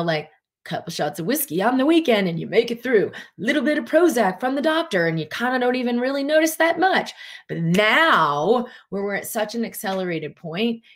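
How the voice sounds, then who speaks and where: Lowish woman coaching with animated quoted asides. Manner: voices inner thoughts in quoted asides, often rising sharply in pitch. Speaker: spiritual coach answering viewer questions. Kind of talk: casual teaching talk.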